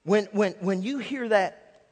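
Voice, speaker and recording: A pastor preaching a sermon in a church, telling a story with lively, imitated sound effects. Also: male voice, sits high, slow. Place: church sanctuary. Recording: long hall reverb.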